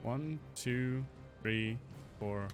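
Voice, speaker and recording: A man's voice: medium pitch, drawn-out words, faint music behind. A man casually commenting on a game stream, joking and chatting with his viewers while he plays. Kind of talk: casual gameplay commentary to chat.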